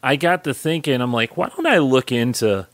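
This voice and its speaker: A married man co-hosting a podcast, talking in easygoing, halting casual chat with fillers and restarts. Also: mid-range voice, expressive, a bit bright, no room sound. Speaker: podcast co-host.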